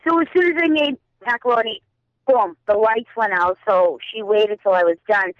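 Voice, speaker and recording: Boston woman caller, rapid rambling talk, muffled lo-fi line, dry sound. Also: medium pitch, no room sound. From Boston, Massachusetts. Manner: talks very fast, rambling. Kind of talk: casual call-in chat.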